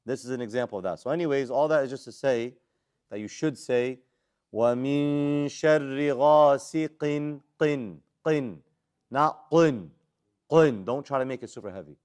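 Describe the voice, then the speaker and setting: A man's voice: medium pitch, quick pace. A man with an American accent teaching Quran recitation rules, drilling students with questions and recited Arabic letters. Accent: American English. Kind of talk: live classroom lesson.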